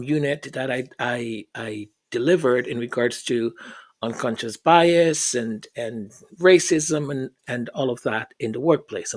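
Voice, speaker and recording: Man, earnest reflective commentary, slow deliberate delivery, repeats words, acts out quoted voices. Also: mid-range voice. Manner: earnest, repeats words while searching for them.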